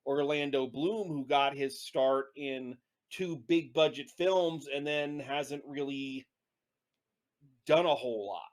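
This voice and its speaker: A man's voice: medium pitch, takes it slowly. A man co-hosting a podcast, chatting casually about a film and often restarting his sentences. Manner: rambling, hesitant with many restarts. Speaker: podcast co-host. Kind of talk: casual movie review chat.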